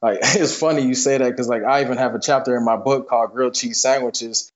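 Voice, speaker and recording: A young man, a football player appearing as an interview guest, tells stories in a loose, casual way, talking fast and packing in fillers like "you know what I'm saying." His voice sits at medium pitch with a steady tone. The podcast audio is dull and lo-fi.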